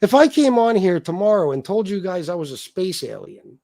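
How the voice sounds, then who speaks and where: A man's voice: sits high, very animated, moderate pace, creaky, mellow, dry recording, clean studio sound. A man hosting a livestream, ranting in heated, profane, repetitive commentary. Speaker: livestream host.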